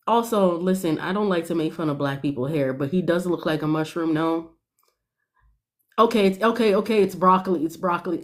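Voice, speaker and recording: A young woman giving animated, sassy commentary on a reality show, laughing often. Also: on the low side, fairly quick. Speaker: podcast panelist.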